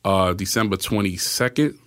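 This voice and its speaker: A man in his forties with a lowish voice talks as an interview guest. He tells his story in a relaxed way, slipping into the voices of the people he quotes and checking in with a frequent "right?". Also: normal speed, clean tone. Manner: acts out quoted voices, often asks "right?". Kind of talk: casual storytelling.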